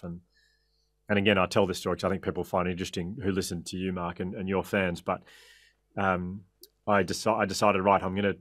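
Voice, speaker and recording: A man with an Australian accent, a podcast guest telling anecdotes in a lively, laughing way and often correcting himself mid-sentence. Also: sits low, fairly quick, no echo, clean studio sound. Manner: lively, laughing storyteller with frequent self-corrections. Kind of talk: anecdotal interview storytelling.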